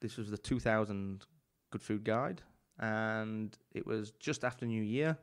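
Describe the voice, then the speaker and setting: A man, a chef and podcast guest telling animated anecdotes in a casual chat, full of swearing and restarts. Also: on the low side, unhurried, clear, resonant tone.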